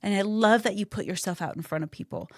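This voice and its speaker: A woman's voice: mid-range voice, quick pace, a little mellow, no room sound, studio quality. A woman hosting an interview podcast, speaking effusively and emotionally, often restarting her sentences. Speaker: podcast host. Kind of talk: casual interview chat.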